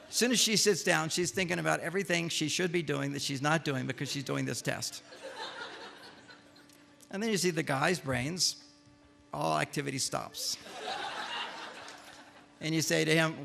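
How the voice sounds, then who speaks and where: An older man giving a humorous lecture to a live audience, an animated storyteller who acts out the lines he quotes. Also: a little high, moderate pace, gravelly, pauses often. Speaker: speaker giving a talk.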